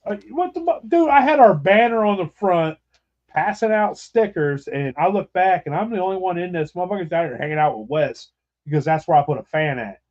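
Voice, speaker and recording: A man's voice: high-pitched, lively intonation, fairly quick, darkish tone, dull audio. A man hosting a podcast, telling a rambling, profane story with laughter in casual chat. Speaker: podcast host.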